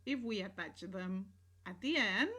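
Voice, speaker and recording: A woman records a grammar lesson at a slow, patient pace. Her voice is bright and clear, and she keeps checking that her students follow along. She mixes English explanations with Spanish example sentences. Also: mid-range voice, animated. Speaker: Spanish teacher.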